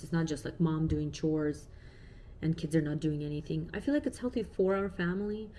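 A woman's voice: sits low, expressive, moderate pace, mellow, a little hiss or hum. A woman in her thirties, a parent vlogger talking casually and reflectively to camera with many fillers.

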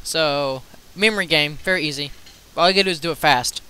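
Young man, high bright voice, crisp tone, playful game commentary, teasing, sudden shouts. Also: fairly quick, low-quality recording. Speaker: let's play commentator. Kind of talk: excited gameplay commentary.

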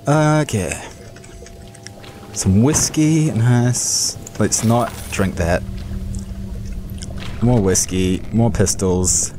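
Goofy, unhurried gaming host man. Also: lowish voice, a little mellow, a little hiss or hum. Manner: goofy, self-mocking, jokey. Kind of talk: casual let's-play commentary. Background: game music.

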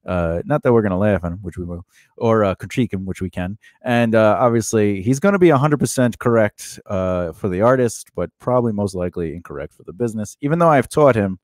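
A man's voice: lowish voice, expressive, brisk, darkish tone, no echo, clean studio sound. A man co-hosting a podcast in casual comedic chat, rambling and joking, with many fillers and restarts. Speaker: podcast co-host.

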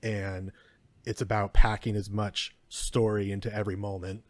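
A man's voice: on the low side, level tone, moderate pace, dry recording. A man co-hosting a podcast, giving blunt, opinionated film takes and swearing casually. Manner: opinionated, swears freely, occasional stumbling. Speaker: podcast co-host. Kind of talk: casual film review chat.

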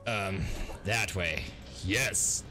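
A man hosting a gaming video, commentating a let's play in an excitable way, gasping and laughing as he plays. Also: sits low, drawn-out words. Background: game music.

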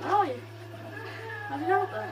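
A high, lively woman chatting over a co-op zombie shooter. Her pitch leaps around as she yells warnings, chants silly lines and swears under her breath. The talk stays quick and playful throughout. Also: recorded from a distance, over loud music. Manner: excitable, swears, chants and shouts in play. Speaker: gamer. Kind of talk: co-op gameplay banter.

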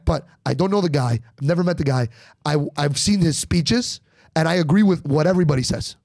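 This gravelly, fairly high-pitched voice belongs to a comedian in his twenties from Miami, Florida, guesting on a podcast. He talks fairly quickly into a studio microphone with no room sound, casually chatting and acting out other people's voices as he animatedly tells stories.

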